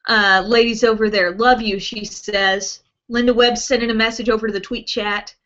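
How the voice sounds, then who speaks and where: A chatty woman with a fairly high voice hosts a beauty live stream from home, reading out viewer comments between ums and small laughs. The sound is a bit dull and lo-fi, like an older webcast. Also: steady tone, moderate pace, a bit bright. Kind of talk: casual live-stream chat.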